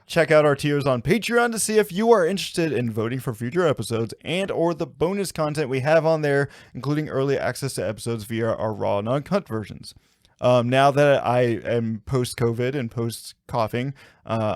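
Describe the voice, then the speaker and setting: A man's voice: mid-range voice, no echo, studio quality. A man co-hosting a folklore podcast, chatting casually and jokingly and reading narration. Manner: joking, chatty, quick to laugh. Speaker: podcast co-host. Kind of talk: casual chat and scripted narration. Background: faint guitar music.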